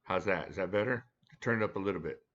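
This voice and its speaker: A low-voiced man with a drawl chats loosely on a home live stream, greeting viewers by name and cracking jokes. The audio is a bit dull and lo-fi. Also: fast talker, fairly bright tone. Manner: chatty, joking, talks to viewers by name. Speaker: live stream host reviewing knives. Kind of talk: casual live chat reading viewer comments. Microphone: desk mic at a home setup.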